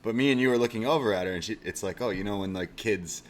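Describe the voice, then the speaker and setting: Male podcast co-host, lower voice, rambling anecdotal storyteller, casual. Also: quick pace, a little hiss or hum. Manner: rambling anecdotes with swearing and laughs.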